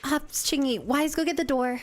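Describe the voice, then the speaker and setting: A woman's voice: high-pitched, moderate pace. A young woman streaming a game, chatting casually and rambling as she reacts to chat. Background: game music.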